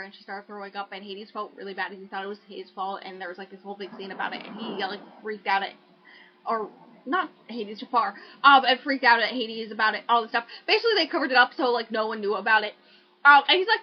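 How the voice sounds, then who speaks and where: A woman's voice: on the high side, a little fast. A young woman casually recapping a book plot on a podcast, rambling and swearing with lots of fillers. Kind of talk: casual chat. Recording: dull lo-fi home recording.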